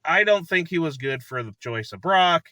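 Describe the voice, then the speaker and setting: A man's voice: on the high side, expressive, normal speed, pushed and bright, no echo. A man chatting casually in a movie review, rambling and enthusiastic, laughing often and acting out lines from the film.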